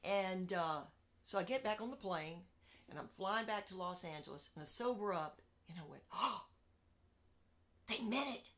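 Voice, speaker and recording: Emphatic woman with a forceful, bright voice. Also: medium pitch, moderate pace. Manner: animated storyteller, swinging between loud outbursts and hushed asides; emphatic, repeats phrases for punch. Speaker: interviewee. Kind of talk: candid storytelling interview.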